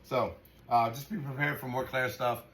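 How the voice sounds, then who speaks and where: A man's voice: mid-range voice, steady tone, moderate pace, fairly bright tone. A man running a dog sanctuary, ranting in frustration and swearing freely as he talks casually to camera. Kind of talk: casual vlog talk to camera. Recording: echoey room with faint noise.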